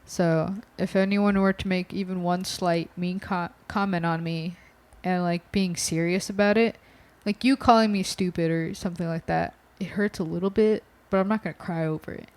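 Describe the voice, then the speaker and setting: A woman's voice: fairly low pitch, steady tone, moderate pace, hardly any pauses, darkish tone. A young adult woman co-hosting a podcast in casual chat, rambling, candid and emotional. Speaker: podcast co-host. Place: apartment at night.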